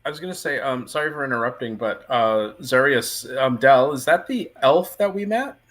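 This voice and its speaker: A man playing in a tabletop game, chatting briskly about his character. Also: mid-range voice, expressive, a bit bright. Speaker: player. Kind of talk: tabletop role-play.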